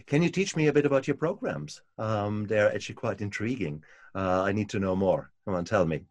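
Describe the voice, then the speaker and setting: Deep-voiced male podcast host, halting delivery. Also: no room sound. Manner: halting, repeats words, warm encouraging fillers. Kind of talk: casual interview.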